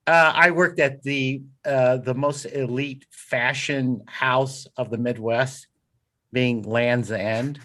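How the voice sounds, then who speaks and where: A man's voice: medium pitch, steady tone, slow pace, bright, forceful tone. A man co-hosting an interview podcast, chatting casually with hesitant, self-deprecating jokes. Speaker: podcast co-host.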